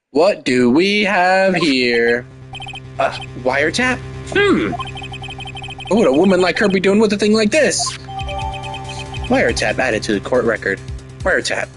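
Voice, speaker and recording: A man's voice: sits high, big pitch swings, normal speed, pauses often, over music. A man voicing an earnest young lawyer. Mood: curious. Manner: earnest, determined inner monologue. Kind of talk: voice acting a game playthrough.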